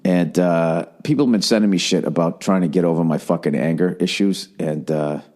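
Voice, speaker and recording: Boston guy ranting on his podcast, swearing a lot, middle-aged, loud gripes then mumbling. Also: a little fast. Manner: profane, ranting, swings between loud gripes and low mutters. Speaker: podcast host. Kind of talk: casual comedic podcast rant.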